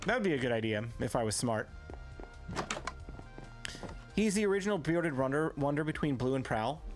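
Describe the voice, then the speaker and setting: Lively chatty male game streamer. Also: mid-range voice, normal speed, faint music behind. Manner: chatty, reads chat aloud and answers viewers. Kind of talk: live gameplay stream chat.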